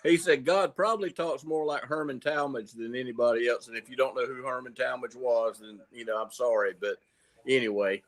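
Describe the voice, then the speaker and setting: Brief: Southern man, coin-dealer guest, folksy yarn-spinner, mid pitch, restarts and repeats. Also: fairly even intonation, brisk. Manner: folksy storyteller, repeats words as he goes. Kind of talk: casual livestream chat.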